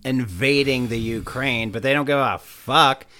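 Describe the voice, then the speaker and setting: Podcast cohost dude, middle pitch, blunt and sweary, sarcastic. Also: male voice, unhurried, pushed and bright. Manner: blunt, profane, sarcastic asides. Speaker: podcast co-host. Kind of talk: casual chat.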